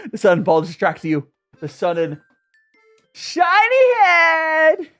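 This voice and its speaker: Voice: medium pitch, very animated, moderate pace, a little mellow, slightly rough, soft background music. A young adult streamer chatting casually over tea, rambling and greeting viewers by name. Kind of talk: casual chat while drinking tea.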